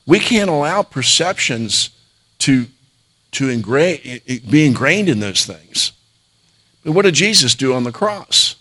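Middle-aged male pastor, mid-pitched, earnest storytelling sermon, halting restarts. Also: big pitch swings, pushed and bright.

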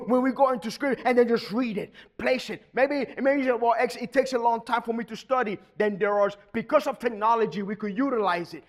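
A middle-aged man delivers a sermon in a fairly high voice. He moves between calm, steady explanation and sudden loud, shouted bursts of preaching. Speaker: pastor.

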